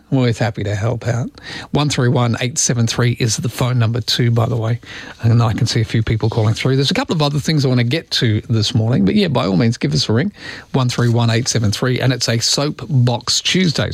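A man's voice: medium pitch, creaky, dry recording. A man with an Australian accent hosting a radio show in a chatty, jokey, rambling way, his voice often leaping up. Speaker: radio host. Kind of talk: casual radio chat. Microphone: studio microphone.

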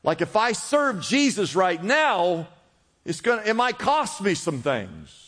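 A man with a high voice preaches a sermon to his congregation. He calls out for responses and swings between forceful emphasis and hushed drops. His voice rings with the long reverb of a large church hall. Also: big pitch swings, a little slow. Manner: preaching with call-and-response, rising and dropping emphasis. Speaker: pastor.

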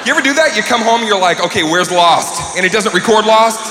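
A man doing a profane, ranting stand-up routine, often shouting. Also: high voice, rapid-fire. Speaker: stand-up comedian. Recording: echoey hall with noise.

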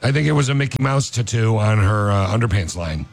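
A man's voice: on the low side, animated, fairly quick, creaky, faint music behind. A man hosting a casual chat, joking around and rattling off rambling fun facts. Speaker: host.

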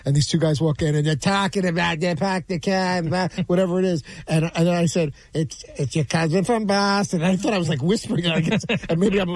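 A man from New York telling a story, rambling and halting with many restarts. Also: sits high, fairly even intonation, no echo. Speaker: podcast guest. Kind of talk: casual storytelling.

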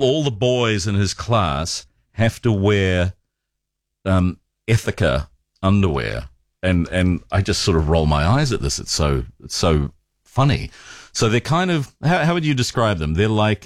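Male talk radio host, low voice, dry close mic, chatty with frequent restarts. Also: dry recording. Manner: chatty, stumbles and repeats words. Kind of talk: casual talk radio chat.

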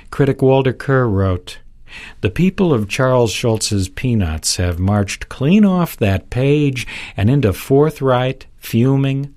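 A man reading a scripted theater review in a measured, appreciative manner. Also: medium pitch, a little mellow. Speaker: theater critic.

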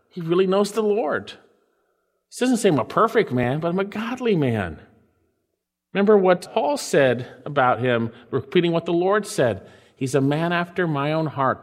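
A man preaching a sermon, reading scripture slowly and swinging his voice up and down for emphasis. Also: big pitch swings, in a large hall. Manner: preaching with sweeping pitch swings and drawn-out scripture lines. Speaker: pastor.

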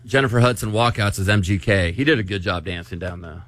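A man's voice: lowish voice, fast talker, fairly bright tone, no room sound. A man co-host of a radio morning show, talking in an easygoing, agreeable way. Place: radio studio.

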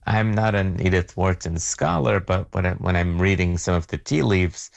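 A man, a magazine editor, giving thoughtful interview answers in a measured way with frequent restarts. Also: low-pitched, vocal fry, dry recording.

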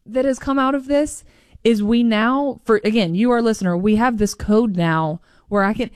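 Young woman, higher voice, laughing storyteller, dry close sound. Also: normal speed, smooth, dry recording. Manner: animated storyteller, laughs often. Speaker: podcast co-host. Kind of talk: casual chat.

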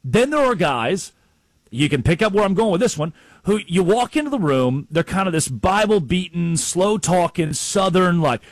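High, animated man talking sports. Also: normal speed, no echo. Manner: excitable storyteller, acts out quotes. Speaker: sports talk co-host.

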